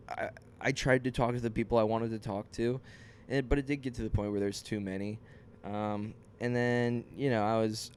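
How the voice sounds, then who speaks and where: A young man with a smooth, resonant, slightly low voice tells a confessional story in loose podcast chat. He rambles and restarts often and pokes fun at himself as he goes. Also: darkish tone. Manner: rambling, self-deprecating, many restarts. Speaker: comedian and podcast host.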